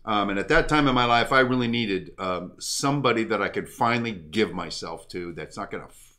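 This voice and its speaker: A man co-hosting a live chat stream, bantering and joking loudly. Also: brisk. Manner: joking, boisterous, shouts "boom".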